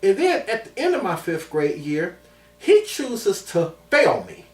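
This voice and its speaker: A man's voice: high-pitched, huge pitch swings, measured pace, soft background music. A man in his thirties, from Chicago, telling a personal story in an emphatic way and repeating phrases for weight. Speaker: vlogger. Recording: roomy sound from a distant mic.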